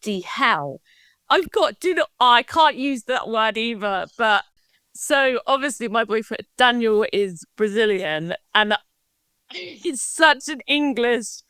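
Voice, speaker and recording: A woman from Australia chats as a podcast guest, giggling often in a bright, slightly high voice. Her tone is smooth and clear, and the recording is close and dry. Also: slow pace, no echo. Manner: giggly, lively, laughs often. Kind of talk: casual podcast conversation.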